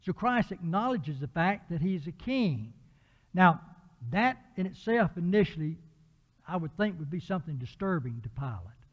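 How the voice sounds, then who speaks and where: A man's voice: high voice, very animated. A man preaching an evening Bible lesson in church, explaining a passage with frequent fillers and restarts. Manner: unhurried Bible teaching with many fillers and restarts. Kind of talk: sermon. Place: church auditorium. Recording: dull lo-fi church recording with long reverb.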